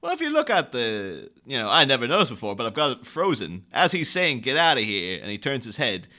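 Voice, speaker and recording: A man's voice: medium pitch, huge pitch swings, brisk, sharp tone. A man co-hosting a podcast, talking about a film in a rambling, jokey way with plenty of laughs. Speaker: podcast co-host. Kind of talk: casual film chat.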